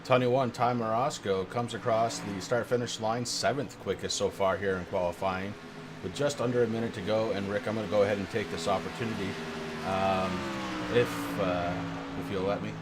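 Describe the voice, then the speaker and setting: A man's voice: on the low side, fairly even intonation, moderate pace, background noise. A man commentating a sim race who speaks subdued and hesitantly, heavy-hearted with grief, with many fillers. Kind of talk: sim racing broadcast commentary.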